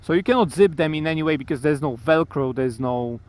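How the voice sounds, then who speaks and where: Male motovlogger, slightly raised pitch, casual rants with lots of swearing, recorded in the helmet while riding. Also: fairly quick, darkish tone. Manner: swearing, ranting at traffic. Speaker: motorcycle vlogger. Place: on a motorcycle in city traffic. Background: traffic and engine.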